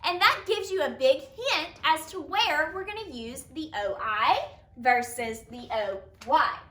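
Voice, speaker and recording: A woman teaching a phonics lesson, slowly sounding out letters and praising her students. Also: high voice, expressive, fairly bright tone. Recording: echoey room, mic at a distance.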